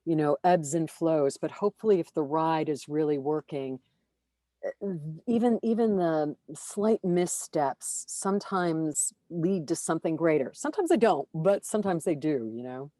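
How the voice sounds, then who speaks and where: A woman who narrates audiobooks, talking casually in an interview, animated and self-deprecating, with lots of fillers and restarts. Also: sits low, normal speed, dry recording.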